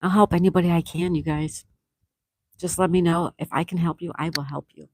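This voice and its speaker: A woman's voice: fairly low pitch, fairly even intonation, fairly quick, darkish tone, slight background noise. A middle-aged woman hosting a casual livestream, reading viewer comments aloud in an affectionate, chatty way and laughing often. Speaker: livestream host reading chat. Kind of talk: casual live chat.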